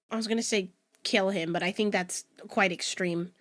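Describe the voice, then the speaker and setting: A woman's voice: medium pitch, fairly even intonation, moderate pace, fairly bright tone. A woman chatting casually beside a game stream, tossing in laid-back joking asides. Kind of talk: casual chat.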